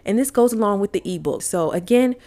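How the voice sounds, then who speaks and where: A woman's voice: medium pitch, lively intonation, a little fast, warm tone. A woman speaking as a wellness coach in motivational coaching talk, earnest and firing off rhetorical questions. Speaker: wellness coach and podcast host.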